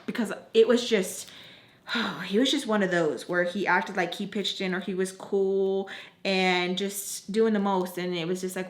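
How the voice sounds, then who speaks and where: A woman's voice: medium pitch, fairly even intonation, normal speed, fairly bright tone. Young woman, casual storytime vlogger, blunt and sweary, echoey room. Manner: blunt, mouthy, swears freely.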